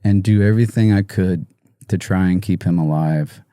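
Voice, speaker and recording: Low, mellow man, guest in an interview, halting and close to tears, dry sound. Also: clear, resonant tone, no room sound. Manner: halting, soft-spoken, many pauses and restarts. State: emotional, near tears. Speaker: musician guest. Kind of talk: emotional interview storytelling.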